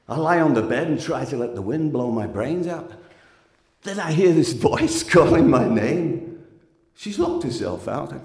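A man's voice: a little high, darkish tone. A man performing a frank spoken-word story with a wry, emotionally swinging delivery. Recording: echoey hall.

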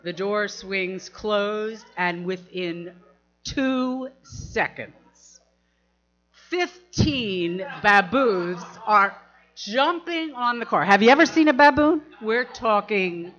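A storyteller with a mid-range, slightly bright voice tells an audience a personal anecdote, speaking slowly and animatedly. She laughs often and acts out the people she quotes. The lo-fi recording sounds dull.

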